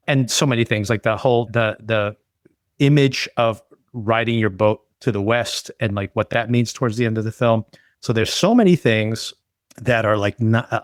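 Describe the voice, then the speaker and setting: A man's voice: medium pitch, dry recording, clean studio sound. A man co-hosting a podcast, enthusiastically reviewing a film in casual chat, rambling with lots of fillers. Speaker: podcast co-host.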